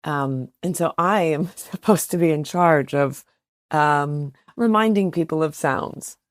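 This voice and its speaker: Low-voiced Minnesotan woman guest. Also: measured pace, no echo, studio quality. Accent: light Minnesotan. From northern Minnesota, USA. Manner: modest, laughs easily. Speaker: stage actress, guest. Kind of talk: casual interview chat.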